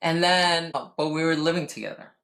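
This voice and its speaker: A woman in her thirties co-hosting a podcast, telling a personal story in casual chat, blunt and profane, with animated outbursts. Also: low-pitched, a little fast. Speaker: podcast co-host.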